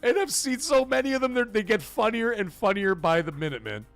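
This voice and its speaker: A man's voice: sits high, lively intonation, fairly quick, creaky, faint music behind. A man hosting a casual livestream from a home game room, rambling, swearing, laughing often and reading chat aloud. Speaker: livestream host.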